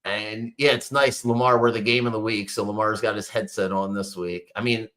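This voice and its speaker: A man's voice: fairly low pitch, steady tone, moderate pace, bright, forceful tone. A man hosting a sports talk show, venting exasperated, swearing commentary about his home team's loss. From Baltimore area. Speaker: sports podcast host.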